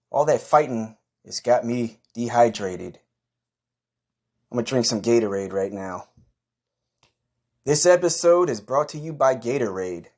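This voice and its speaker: A man narrating a comic story in a profane, deadpan way. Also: mid-range voice. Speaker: comedian narrating a skit.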